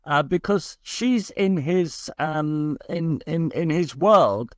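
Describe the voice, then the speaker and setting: High-voiced man explaining ideas. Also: slow pace, dry recording, clean studio sound. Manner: reassuring, explains in long flowing sentences. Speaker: guest scientist and author. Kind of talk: explanatory podcast interview.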